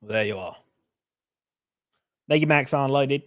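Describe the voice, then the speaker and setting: A man's voice: mid-range voice, lively intonation, takes it slowly, no echo, studio quality. Loose, jokey male streamer. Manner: loose, jokey, slangy, reads chat aloud. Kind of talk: casual live-stream chat.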